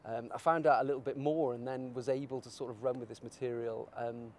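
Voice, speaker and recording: A man's voice: medium pitch, fairly even intonation, a little fast, slight background noise. A man artist talking in a casual interview, rambling and searching for his words.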